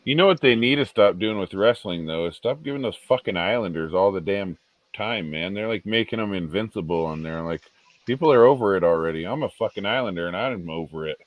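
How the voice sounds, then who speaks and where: A man's voice: deep voice, animated, brisk, no room sound. A man in a casual panel chat, blunt and swearing freely. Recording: tinny phone-like line.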